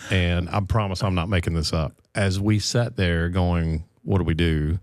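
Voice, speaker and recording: Deep-voiced man telling stories, dry close sound. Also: normal speed, dry recording. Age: middle-aged. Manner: relaxed storyteller, folksy and self-deprecating. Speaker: podcast co-host. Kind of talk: casual chat.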